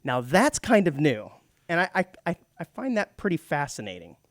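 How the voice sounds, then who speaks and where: A man's voice: fairly high pitch, huge pitch swings, moderate pace, fairly bright tone, no room sound, clean studio sound. Chatty middle-aged male radio co-host. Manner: chatty, laughs often, slips into mock British voices. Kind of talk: casual talk radio banter. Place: radio studio.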